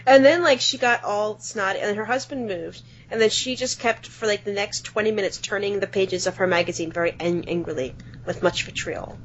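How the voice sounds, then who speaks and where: A woman's voice: mid-range voice, a little fast, few pauses. Teasing chatty woman podcast co-host. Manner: teasing, chatty, says "like" and "honey". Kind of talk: casual chat. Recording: dull lo-fi podcast audio.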